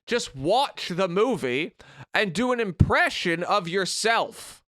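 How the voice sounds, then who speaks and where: A man's voice: sits high, very animated, takes it slowly, bright, forceful tone, no room sound, clean studio sound. A man co-hosting a podcast remotely, giving opinionated, profane rants in casual chat. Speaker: podcast co-host. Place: remote recording.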